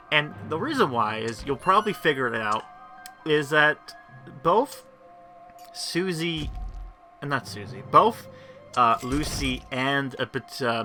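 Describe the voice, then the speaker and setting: A man's voice: mid-range voice, pushed and bright. A man giving rambling, chatty game commentary, often restarting his sentences. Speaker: gameplay commentator. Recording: voice with faint game music.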